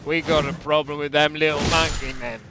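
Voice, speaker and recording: A brash, matey Australian bloke, as a man puts him on, loud, slangy and drawn out. The put-on accent sits noticeably higher and louder than the speaker's own lowish voice. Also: level tone, a little fast, very noisy, natural voice. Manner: loud, slangy, drawn out, calls everyone mate.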